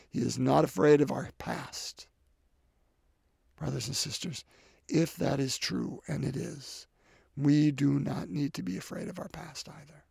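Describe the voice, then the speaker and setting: A man preaching a sermon in an earnest way, repeating his phrases and swinging between loud emphasis and soft, quiet lines. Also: mid-range voice, gravelly, slightly rough, no room sound, studio quality.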